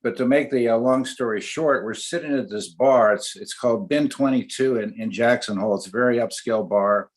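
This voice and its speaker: A man's voice: medium pitch, fairly quick, hardly any pauses. Chatty older man telling a story. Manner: chatty anecdotal storyteller with many fillers and restarts. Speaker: guest, oral surgeon. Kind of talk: storytelling in a webinar.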